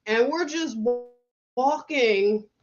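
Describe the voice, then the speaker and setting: A middle-aged woman hosts a casual livestream, chatting, telling stories, reading out viewer comments and laughing often. Her voice is fairly high and slow, with lo-fi sound.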